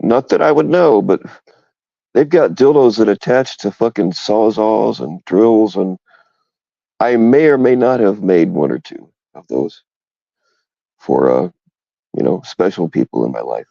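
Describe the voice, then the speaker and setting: Deep gravelly man, crude casual chat. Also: expressive, a little slow, pauses often, mellow, no room sound, lo-fi sound. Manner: rambling, frank, laughs often.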